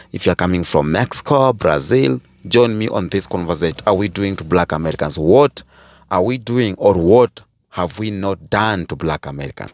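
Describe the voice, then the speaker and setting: A man's voice: lowish voice, vocal fry, no echo, studio quality. A man from Kenya hosting a commentary video, speaking earnestly and directly to his viewers. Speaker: host.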